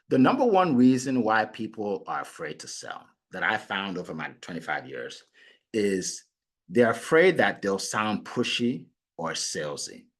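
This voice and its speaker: A middle-aged man coaching on sales, talking in an animated way and acting out his prospects. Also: fairly low pitch. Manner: animated, acts out clients and prospects in quoted voices. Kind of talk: motivational sales talk.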